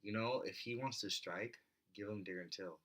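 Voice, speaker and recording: A man's voice: fairly low pitch, normal speed, pushed and bright. A man co-hosting a casual podcast, rambling and joking as he retells stories and quotes people. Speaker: co-host, pro MMA fighter.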